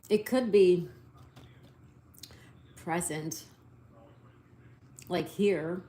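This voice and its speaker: Slow, mellow-voiced woman streamer. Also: on the low side, lively intonation, a little hiss or hum. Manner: slow, spells answers letter by letter and reads out viewer comments. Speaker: live-stream host. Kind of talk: casual live-stream chat.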